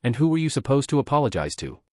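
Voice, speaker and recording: A man voicing a calm, cold young billionaire hero who speaks gravely. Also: medium pitch, fast, no room sound, studio quality, natural voice.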